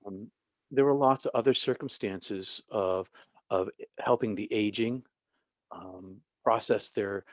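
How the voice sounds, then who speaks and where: A middle-aged man, a former pastor, telling stories as a podcast guest, halting and restarting often and sometimes dropping to a soft whisper. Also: fairly low pitch, dry recording. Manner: halting with many restarts, drops to a soft whisper when quoting. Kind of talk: storytelling interview.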